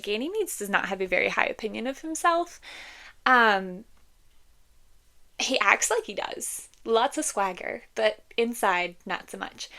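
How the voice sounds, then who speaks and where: A woman chatting to camera about books, gushing, often laughing, with many fillers. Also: medium pitch. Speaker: book reviewer. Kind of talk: casual chat to camera.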